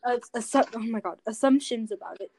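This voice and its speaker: A young woman with a fairly high voice talks in a relaxed, offhand way during a casual chat. She keeps her replies short and laughs easily. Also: fairly quick, no echo. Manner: laid-back, brief replies, laughing. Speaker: podcast co-host.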